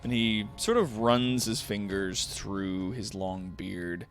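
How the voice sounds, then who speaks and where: A man narrating a tabletop game as game master, casual and quick to laugh. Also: on the low side, faint music behind. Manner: laughing easily, lively and casual.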